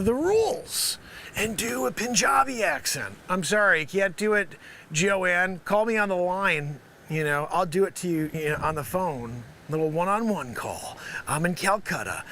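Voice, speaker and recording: A man's voice: sits high, animated, normal speed, sharp tone, a little hiss or hum. A man hosting a live stream, riffing through an improvised comedy bit as a street reporter with rambling, teasing asides. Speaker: live-stream variety host.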